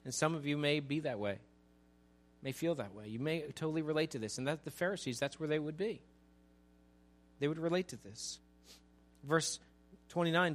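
In a sermon that feels like conversation, a male pastor speaks at a moderate pace with frequent pauses and a medium pitch. He addresses asides to the congregation and gradually rises to an emphatic, raised delivery.

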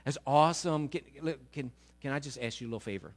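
A man voicing a pushy mother who flatters a teacher while begging a favor for her sons. He lowers his voice and keeps it soft, chatty and casual. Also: fast talker, close to an everyday voice. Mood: wheedling.

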